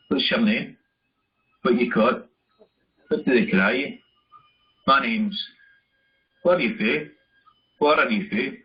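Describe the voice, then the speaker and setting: A man reading a list of phrases slowly and deliberately. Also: mid-range voice. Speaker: narrator of a language video. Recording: muffled video playback.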